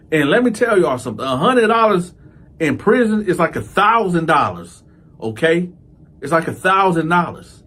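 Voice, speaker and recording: A man hosting his show, casually telling a prison story in an animated way, repeating key lines and speaking straight to his listeners. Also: sits high, moderate pace.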